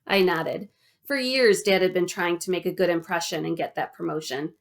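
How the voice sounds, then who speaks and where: A woman reading a children's novel aloud in an animated, expressive way. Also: lowish voice, normal speed, gravelly. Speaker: audiobook reader.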